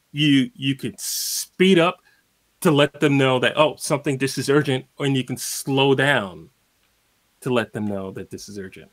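A man guest in a casual interview, explaining at an easy pace with plenty of fillers and spoken examples. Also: mid-range voice. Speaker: guitarist guest.

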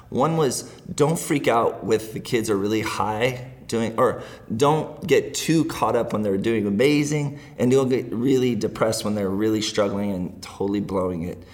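A middle-aged man with a lowish voice appears as a guest in a casual interview. He comes across as earnest and tends to ramble, laughing frequently while he talks.

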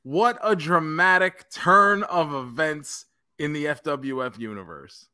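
A man's voice: fairly high pitch, measured pace, no room sound. Man, podcast co-host, casual storytelling, acts out the voices, laughs a lot, dry close sound. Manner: animated storyteller, acts out quoted lines, laughs often.

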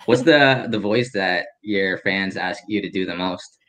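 A woman's voice: a bass voice, measured pace, a bit bright. A woman hosting a casual interview podcast, asking short laid-back questions. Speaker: podcast host.

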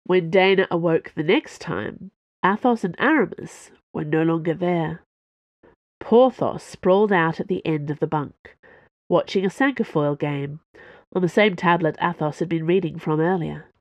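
Calm woman narrator reading a novel aloud. Her voice sits fairly low and moves slowly. The sound is dry and close, with no room at all. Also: no echo, muffled recording. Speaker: audiobook narrator. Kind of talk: scripted narration.

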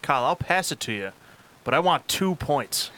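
A man's voice: on the high side, moderate pace, low-quality recording. A man co-hosting a live sports podcast, wearing headphones and teasing the others. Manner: teasing, lively. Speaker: podcast co-host. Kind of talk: rowdy sports banter.

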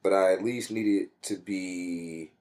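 A young man in a casual interview, telling a personal story and jumping way up in pitch when he quotes himself. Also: unhurried. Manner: animated, swings his pitch way up when quoting himself. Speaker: guest.

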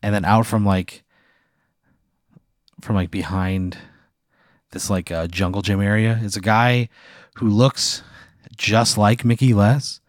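A man's voice: on the low side, fairly even intonation, slow, pauses often, no room sound, studio quality. A man hosting a casual podcast, telling a long, rambling hypothetical full of "like" and casual swearing. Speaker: podcast host. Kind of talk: casual storytelling chat.

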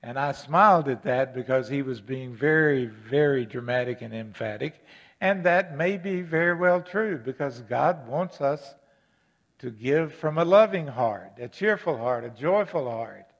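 A man preaching to his congregation in a mid-pitched voice, gentle and earnest, then building into emphatic, repeated questions. The recording sounds a little dull and muffled. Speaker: pastor. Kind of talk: sermon.

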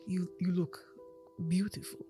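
A woman voicing a shy, courteous young nobleman who speaks softly and haltingly. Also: fairly low pitch, little pitch movement, soft background music, close to an everyday voice. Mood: bashful. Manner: soft-spoken and halting.

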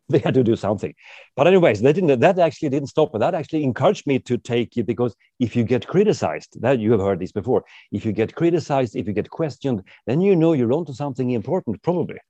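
Swedish-accented male author, chatty and wry, low mellow tone, dull dry sound. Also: animated, fast talker, husky, dry recording. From Sweden. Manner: chatty, wry, laughs often. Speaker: author and guest. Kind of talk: casual interview talk.

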